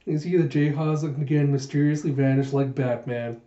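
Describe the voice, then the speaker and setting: Chatty man retelling a comic, mellow. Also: fairly high pitch, fairly even intonation, fairly quick. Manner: chatty, self-correcting retelling. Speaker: reviewer reading a manga aloud. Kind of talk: casual manga readthrough. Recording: roomy, dull lo-fi home recording.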